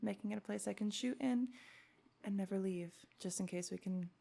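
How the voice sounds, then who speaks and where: Young adult female podcast host, loose and chatty, strong gravelly fry. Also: medium pitch, moderate pace, dark tone. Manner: rambling, giggly, swears casually. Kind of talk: casual chat.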